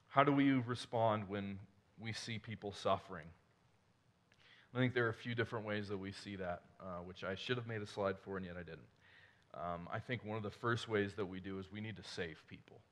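A man's voice: fairly low pitch, fairly quick. Man preaching a conversational sermon. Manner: conversational, self-correcting, rhetorical questions to the congregation. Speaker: pastor.

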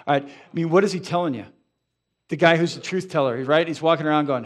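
Animated male pastor preaching. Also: fairly high pitch, fast. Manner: animated, conversational preaching with frequent asides. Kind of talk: sermon. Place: church sanctuary.

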